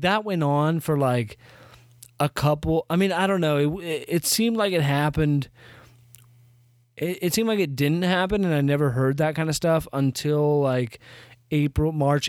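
A man's voice: a little high, darkish tone, clear, resonant tone, dry recording. Rambling young man telling stories, dry sound. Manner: rambling, self-interrupting, dry sarcasm. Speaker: podcast host. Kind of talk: casual storytelling monologue.

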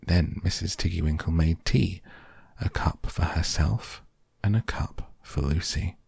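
Slow, gravelly male storyteller, gentle reading, very deep voice. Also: no echo. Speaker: narrator.

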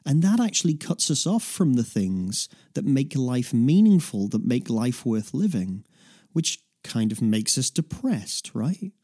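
A man's voice: mid-range voice, big pitch swings, unhurried, dark tone, breathy edge. A man giving a reflective self-help talk in a conversational way, dotted with "you know" and uneven pacing.

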